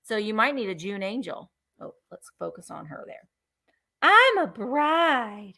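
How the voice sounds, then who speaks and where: Bright, lively woman auction host. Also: mid-range voice, normal speed, vocal fry. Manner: chatty, playful, counts down bids. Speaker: live sale host. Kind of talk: live auction selling chat.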